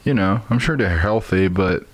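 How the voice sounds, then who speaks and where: A man's voice: low-pitched, normal speed. A man co-hosting a casual podcast chat, blunt and full of profane teasing. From New Jersey. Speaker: podcast co-host.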